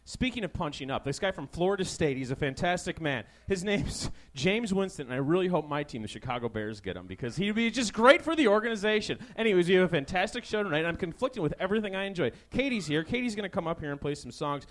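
Sarcastic, rambling high-voiced young man. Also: lively intonation, quick pace, hardly any pauses, fairly bright tone. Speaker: talk show host. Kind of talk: stand-up monologue. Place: small live comedy venue. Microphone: handheld stage microphone.

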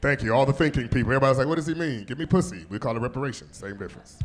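A man's voice: medium pitch, lively intonation, very fast, natural voice. A man doing a brash, crude comedy bit on a talk show, laughing between lines. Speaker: comedian doing a recurring character segment. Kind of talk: loud stand-up style comic bit.

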